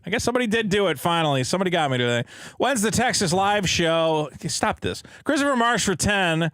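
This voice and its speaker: Brief: male podcast co-host from Massachusetts, chatty and wry, lively pitch, dry close mic. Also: brisk, no echo. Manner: chatty, laughs easily, wry. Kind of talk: casual chat, reading viewer messages.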